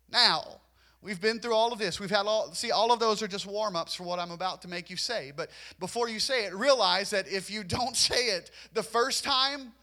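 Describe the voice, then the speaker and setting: A man with a high, pushed, bright voice preaches a sermon to his church congregation. He urges them on, repeats himself, and stammers over restarts.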